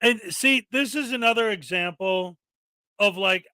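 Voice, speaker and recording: A man's voice: high voice, measured pace, bright, forceful tone, clear, resonant tone, no echo. A man hosting a live stream, ranting and joking about video clips with plenty of crude insults. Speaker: streamer host. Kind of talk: casual live-stream commentary.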